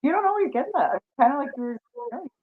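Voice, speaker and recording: Her voice sits high with lively intonation, and she talks quickly, rambling through a relaxed chat as host, full of fillers and laughing often. It comes across over a thin, phone-like line.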